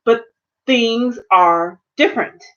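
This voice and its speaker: A woman vlogger ranting casually about shows, slangy and animated, acting out her own reactions. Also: a little high, takes it slowly, highs cut off. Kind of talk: casual rant to camera.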